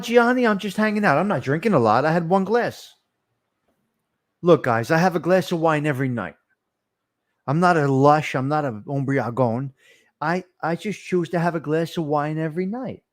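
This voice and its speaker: A middle-aged man, rambling and teasing viewers by name as he hosts a casual live stream. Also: a little high. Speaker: livestream host.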